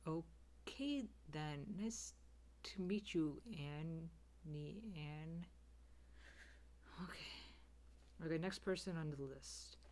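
Woman playing a flustered teacher, slow, low-ish voice, muttered asides, comedy sketch. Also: darkish tone. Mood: exasperated. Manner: weary, muttering whispered asides to herself.

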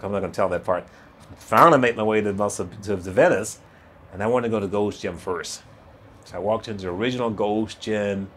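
A man in his sixties, a guest in an interview, telling his life story in a lively way, acting out other people's voices and laughing often. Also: lowish voice, slight background noise. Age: 60s. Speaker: guest, retired bodybuilder.

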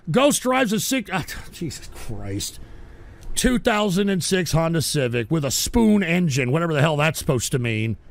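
A man's voice: high voice, vocal fry, fairly bright tone, no room sound. A man hosting a live-stream talk show, cursing angrily and erratically as he reads out viewer donations. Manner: angry, cursing, erratic, breaks into singing. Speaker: livestream talk show host. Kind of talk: profane live-stream rant reading donations.

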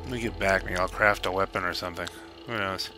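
A man quietly commenting on his gameplay in a hushed voice so he will not wake anyone at home. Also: sits low, fairly even intonation, fast, rough recording. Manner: hushed, quiet talk to avoid waking others. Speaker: gamer playing and commenting. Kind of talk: let's play commentary. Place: home, early morning. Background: game music.

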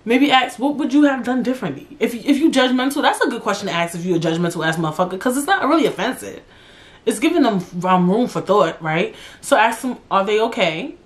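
Woman, solo podcast host, blunt, swears freely, casual rant. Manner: blunt, profane, animated with big pitch jumps.

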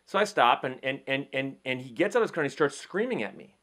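A middle-aged man hosting a casual legal talk show, telling an animated story with frequent repeats and restarts. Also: mid-range voice, fast. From Michigan, USA. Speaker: legal commentary host.

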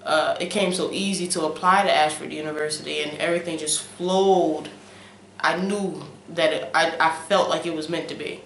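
Animated young woman vlogging in an echoey room. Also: sits low, normal speed, slight background noise. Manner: animated, preachy, repeats "okay?" often; wavers between loud emphasis and soft trailing asides. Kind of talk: casual talk-to-camera chat. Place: room at home, late at night.

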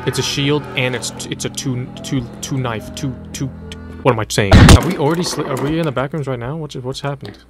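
Excitable young man playing a horror game. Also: mid-range voice, a little fast, over loud music. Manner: excitable, joking, swears, laughs often. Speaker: gaming YouTuber. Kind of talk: let's-play commentary.

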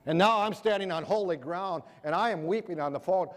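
Earnest male preacher with a high voice, heard with long hall reverb. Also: fairly quick. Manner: earnest, rhetorical questions to the audience. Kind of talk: sermon.

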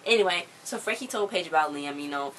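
A woman giving a casual, chatty episode recap, peppering her talk with "like" as she retells scenes in an animated way. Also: low voice, fast, slight background noise, rough recording. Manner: chatty, full of "like" fillers. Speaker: show recap host.

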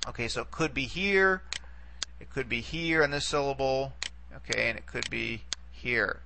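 A man's voice: medium pitch, normal speed, creaky, background noise. A man teaching a recorded lesson, explaining patiently step by step and checking in often. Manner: patient, explains step by step with frequent "okay" and "all right".

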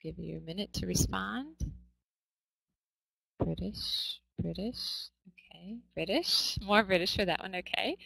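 A woman's voice: medium pitch, a little slow, vocal fry, pauses often, pushed and bright, husky, no room sound, low-quality recording. An American woman teaching English in a live online class, upbeat and coaxing, often asking her students questions.

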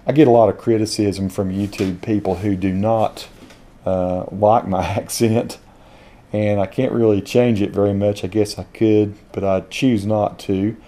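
A man with a Southern Appalachian accent, reviewing dictation software as he speaks punctuation commands aloud. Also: lowish voice, steady tone, unhurried. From Southern Appalachia, USA. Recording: home video.

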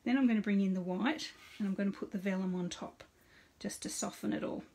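A woman's voice: mid-range voice, a little fast, warm tone. A middle-aged woman hosting a casual live card-making demonstration. She chats with viewers by name and narrates each step aloud.

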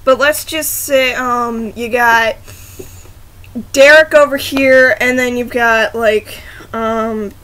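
A woman's voice: fairly high pitch, fairly even intonation, takes it slowly, a bit bright. A woman chatting casually to her laptop camera, rambling, giggling and often restarting her sentences to apologize. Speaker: vlogger. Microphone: laptop camera microphone.

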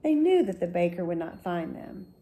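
A woman, a school librarian, reading a children's book aloud slowly and gently. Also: fairly low pitch, big pitch swings. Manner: slow, gentle storytelling.

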